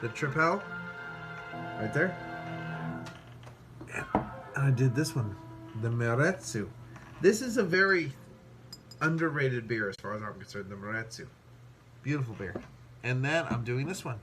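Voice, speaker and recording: Buzzed guy gushing over a beer, rambles and swears a lot, mid-pitched voice, music going clearly in the background. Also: unhurried, pauses often. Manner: excitable, rambling, swears freely. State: tipsy from several beers. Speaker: beer reviewer. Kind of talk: casual beer tasting vlog. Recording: music playing clearly behind the voice.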